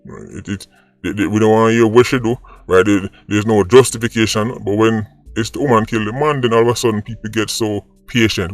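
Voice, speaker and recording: A man's voice: fairly low pitch, steady tone, quick pace. A Jamaican man hosting an opinion vlog, arguing his point and tagging rhetorical "right?" onto his sentences. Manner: argumentative, rhetorical "right?" asides. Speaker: vlog host. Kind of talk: opinion commentary.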